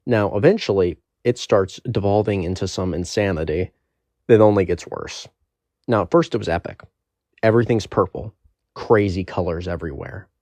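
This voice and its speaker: A man's voice: low voice, normal speed, darkish tone, no echo. A young man telling a rambling, profane story in a casual storytime monologue.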